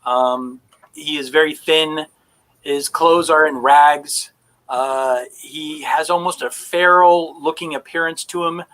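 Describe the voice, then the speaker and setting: Male game master, bright tone, slightly raised pitch, chatty descriptive narration. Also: fairly even intonation, takes it slowly, low-quality recording. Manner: descriptive, with many fillers.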